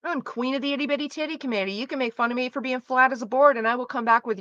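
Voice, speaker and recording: A woman with a bright, sharp, fairly high voice chats as a streamer, swearing freely and venting sarcastically. The sound is dry and a little muffled, close to a desk mic. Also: rapid-fire, no room sound. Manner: profane, ranting, sarcastic. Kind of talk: casual chat.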